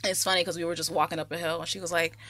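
A woman's voice: lowish voice, level tone, rapid-fire, sharp tone. A woman co-hosting a podcast, telling an emotional personal story casually and with some swearing.

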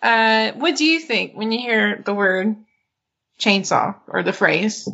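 A woman's voice: mid-range voice, vocal fry, sharp tone. Laughing woman podcast host, dull audio. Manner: laughs often, drawn-out careful reading. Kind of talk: casual chat.

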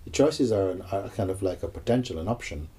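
A man with a very dark, mellow tone and a husky grain, speaking as a spiritual teacher. He talks slowly and reflectively, with many pauses, and his voice sits on the low side. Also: expressive. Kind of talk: spiritual dialogue.

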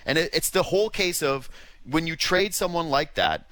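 Canadian man, animated sports radio host. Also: on the high side, no echo. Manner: animated, voices imagined quotes, talks fast in bursts. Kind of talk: casual sports talk.

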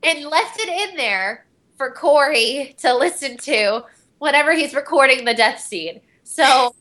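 A woman's voice: high voice, lively intonation, measured pace, bright, forceful tone. A young woman, a voice actress on a panel, telling rambling stories with lots of fillers and giggles. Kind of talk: casual convention panel talk.

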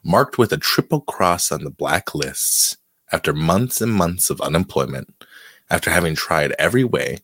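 A man's voice: deep voice, expressive, moderate pace, a bit bright, husky, dry recording. A man co-hosting a podcast, chatting casually and reading a text aloud, sometimes stumbling over words. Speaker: podcast co-host.

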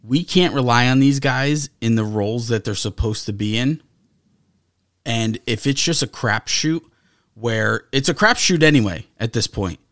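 A man co-hosting a sports podcast, talking through his view in a measured, conversational way. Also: mid-range voice, fairly bright tone, dry recording, clean studio sound. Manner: measured, conversational, occasionally profane. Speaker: podcast co-host. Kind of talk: casual sports talk.

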